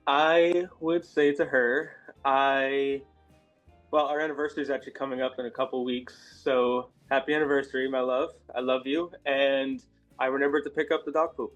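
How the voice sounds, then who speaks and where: A man's voice: mid-range voice, flat delivery, moderate pace, a bit bright, dull audio, faint music behind. An American man from Massachusetts, a guest in a casual interview, chatting in a friendly, rambling way. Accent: American English. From Massachusetts, USA. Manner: friendly, rambling with fillers and laughs.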